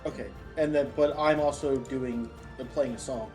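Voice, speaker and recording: A man's voice: mid-range voice, fairly even intonation, normal speed, a little mellow. A man playing in a tabletop game, hesitant and filling gaps with ums as he explains his turn. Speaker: player. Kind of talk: casual tabletop play. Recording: faint music under the voices.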